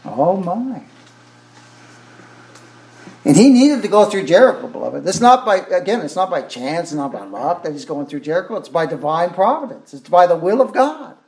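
A man's voice: sits high, sing-song, moderate pace, darkish tone, echoey room. A man preaching a sermon with fervor, repeating phrases and exclaiming "oh my" as he goes.

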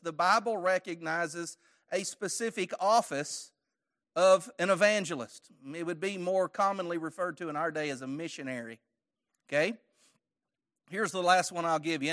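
High-voiced man teaching Bible study. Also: bright, forceful tone. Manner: conversational, quizzes the audience with questions; light joking asides. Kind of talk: church Bible study lesson.

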